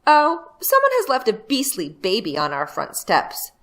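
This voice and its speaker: A woman's voice: on the high side, wildly swooping pitch, measured pace, a bit bright, exaggerated voice. A woman voicing a bossy, scornful eldest brother who talks in a curt, dismissive way.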